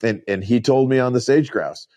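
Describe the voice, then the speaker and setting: A man's voice: medium pitch, moderate pace, darkish tone, no echo. A man co-hosting a podcast, chatting casually and telling rambling stories, quoting the people he met, with small chuckles. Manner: rambling storyteller, quotes others, chuckles. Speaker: podcast co-host, rancher.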